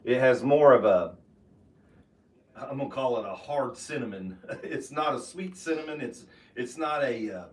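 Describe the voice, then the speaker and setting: A man giving a casual tasting review of bourbon, talking with halting restarts and fillers. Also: mid-range voice, lively intonation, echoey room, far from the mic. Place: home basement room.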